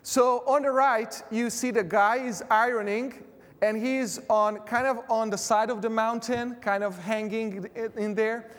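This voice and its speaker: A man preaching a sermon, halting with many fillers and restarts as he tells a personal story. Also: very high-pitched, fairly even intonation. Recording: long reverb of a hall.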